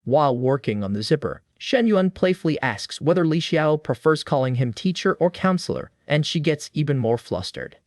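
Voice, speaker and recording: A man's voice: fairly high pitch, very animated, normal speed, few pauses, a little mellow, dry recording, studio quality. A man narrating a comic recap in a scripted, wry storytelling manner.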